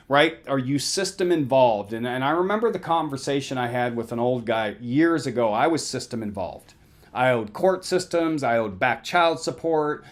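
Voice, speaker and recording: A middle-aged man giving an earnest, conversational motivational lecture on recovery, often checking in with listeners. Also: mid-range voice. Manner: earnest, conversational, addresses listeners directly with "right?".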